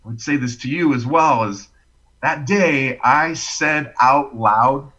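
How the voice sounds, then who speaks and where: A man telling his personal story as a podcast guest, expressive and animated, acting out the quotes. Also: mid-range voice, slow pace, lo-fi sound.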